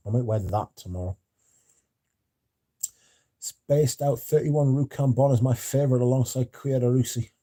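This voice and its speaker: A man's voice: medium pitch, normal speed, long pauses, mellow. A man hosting a casual livestream, reading out chat messages and swearing freely. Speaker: livestream host.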